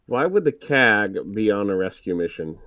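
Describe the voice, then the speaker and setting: A man making laid-back, deadpan remarks while riffing on a movie. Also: lowish voice, normal speed, a little hiss or hum.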